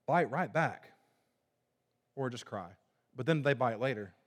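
A man preaching a sermon to a congregation, moving between forceful emphasis and hushed, low passages. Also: lively intonation, measured pace. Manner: dynamic preaching, swinging from loud emphasis to hushed low tones. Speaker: pastor. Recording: long reverb of a large hall.

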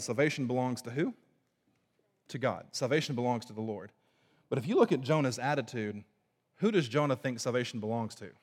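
A man preaching a sermon to a congregation, moving between forceful emphasis and hushed, low passages. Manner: dynamic preaching, swinging from loud emphasis to hushed low tones. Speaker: pastor. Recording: long reverb of a large hall.

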